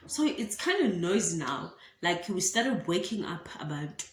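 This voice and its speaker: Her voice sits lowish and moves a little slowly, with slight background noise behind it. She's a young South African woman and YouTuber, dramatically recounting a story in a casual vlog with an animated style and bits of Zulu. The space is echoey.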